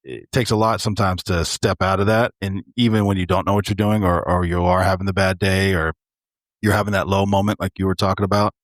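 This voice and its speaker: A man's voice: deep voice, fairly even intonation, a little fast, dry recording, studio quality. A man co-hosting a podcast, talking in an earnest, reflective way and calling his listeners bro. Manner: earnest and reflective, speaks to other men as bro. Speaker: podcast co-host. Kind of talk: casual chat.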